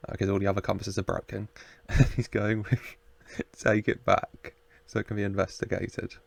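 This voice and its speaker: A man's voice: fairly low pitch, level tone, moderate pace, creaky, no echo. A man hosting a reaction video, chatting casually, laughing often and talking back to the screen.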